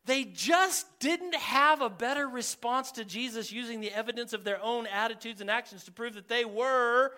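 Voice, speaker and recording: A male pastor preaching a verse-by-verse sermon, animated and joking as he speaks to his congregation. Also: very high-pitched, moderate pace, hardly any pauses, smooth.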